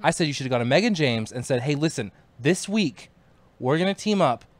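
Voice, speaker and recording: A man's voice: fairly high pitch, fairly quick, no room sound. A young man hosting a podcast, chatting casually and rambling on with plenty of swearing. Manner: animated, rambling, swears freely. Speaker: podcast host. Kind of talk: casual chat. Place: indoors, travelling.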